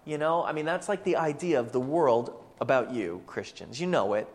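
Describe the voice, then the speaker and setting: A man preaching a sermon as pastor, animated and acting out the voices of the people he quotes. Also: medium pitch, normal speed, few pauses. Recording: long hall reverb.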